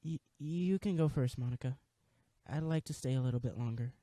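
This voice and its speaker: A man voicing a timid, bookish teenage girl who speaks softly and stammers as she goes. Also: medium pitch, a little fast, no echo, close to an everyday voice. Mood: timid, pleading. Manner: hesitant, stammering, soft-spoken.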